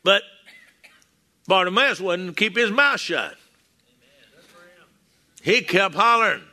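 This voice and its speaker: Bright high-voiced Texan preacher. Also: male voice, animated, takes it slowly. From Texas. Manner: folksy storytelling with acted-out quotes. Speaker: pastor. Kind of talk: sermon.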